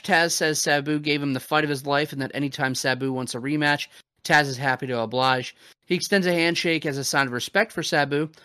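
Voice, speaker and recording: A man's voice: on the high side, pushed and bright, smooth, dry recording, studio quality. A man hosting a podcast, recapping a wrestling show in loose, profane casual chat full of fillers. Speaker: podcast host.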